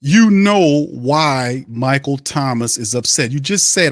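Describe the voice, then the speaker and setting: A man's voice: medium pitch, expressive, unhurried, few pauses, dry recording, studio quality. Fired-up man ranting about football. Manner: fired-up ranting, repeats himself, blunt and profane. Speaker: sports podcast host. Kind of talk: heated sports commentary.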